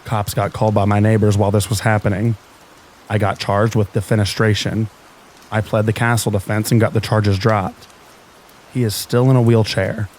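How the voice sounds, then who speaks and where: Low calm guy reading creepy stories for sleep, faint rain noise behind. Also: moderate pace. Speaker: narrator. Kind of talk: scripted narration of scary stories for sleep.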